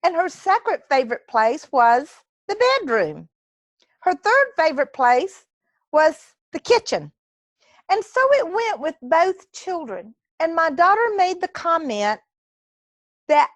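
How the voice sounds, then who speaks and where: A woman's voice: high voice, no room sound. A woman giving an earnest, faith-minded speech from home over a video call. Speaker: club speaker.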